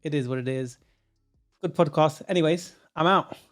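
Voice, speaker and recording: A man's voice: a little high, moderate pace, soft background music. A man co-hosting a casual opinion podcast, talking emphatically and often repeating himself. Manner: emphatic, repeats himself, frequent agreeing hums. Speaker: podcast co-host.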